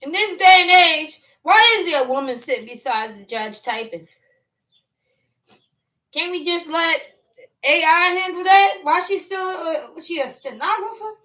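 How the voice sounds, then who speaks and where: High bright new lady in her 40s just chatting on her live, jokey and loud. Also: moderate pace. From New York. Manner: animated, joking, breaks into laughs and shouts. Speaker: livestream host. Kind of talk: casual livestream chat.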